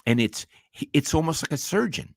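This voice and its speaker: An older man with a Brooklyn accent co-hosting a sports talk show, deliberate and wry. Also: on the high side, animated, vocal fry, no echo, studio quality. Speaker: podcast co-host.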